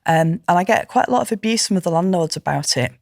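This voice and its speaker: A middle-aged woman, a landlord guest on an interview podcast, talking in an emphatic, animated and indignant way. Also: on the low side, quick pace, vocal fry, dry recording, studio quality. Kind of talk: conversational interview.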